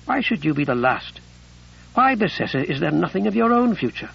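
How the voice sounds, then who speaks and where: Earnest, curious 19th-century gentleman read by a male narrator; gravelly tone, slightly dull lo-fi audio. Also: on the high side, very animated, fairly quick, far from the mic, full character voice.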